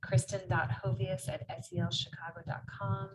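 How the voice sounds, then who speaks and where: A woman facilitating an online workshop, speaking gently and encouragingly with frequent fillers, over a video call. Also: fairly low pitch, flat delivery, normal speed. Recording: noisy video call audio.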